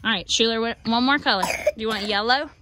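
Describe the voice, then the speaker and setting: A woman's voice: on the high side, a little fast, noisy background. A woman art teacher demonstrating a craft project outdoors, giving patient, coaxing instructions to young children.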